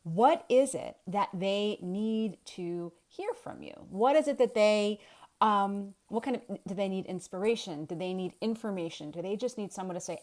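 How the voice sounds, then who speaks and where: A woman's voice: medium pitch, normal speed, a little mellow. A woman in her thirties, a storytelling coach, talking casually to a webcam from home and thinking aloud with restarts and rhetorical questions. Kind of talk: casual talk to camera. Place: home with kids in the next room.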